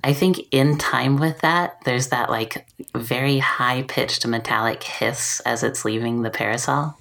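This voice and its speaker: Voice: mid-range voice, a little slow, gravelly, fairly bright tone. A tabletop game player in casual chat, talking hesitantly with lots of fillers and a dry sense of humor.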